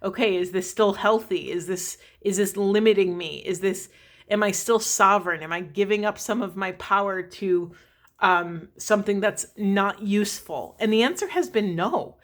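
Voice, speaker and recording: A woman's voice: medium pitch, normal speed, fairly bright tone. A woman spiritual coach talking casually to her viewers, earnest and rambling, often checking in with asides. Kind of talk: casual spiritual talk to camera.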